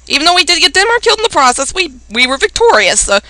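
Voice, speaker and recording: A woman hosting a let's play, commentating and reading game dialogue aloud, excitable and prone to shrieks. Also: very high voice, fast, few pauses, no echo. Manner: excitable, squeals and shrieks at surprises.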